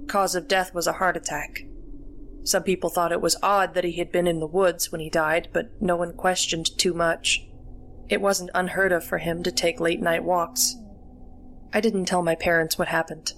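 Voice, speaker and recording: A woman narrating a first-person horror story in a steady, measured storytelling manner. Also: on the low side, a little hiss or hum.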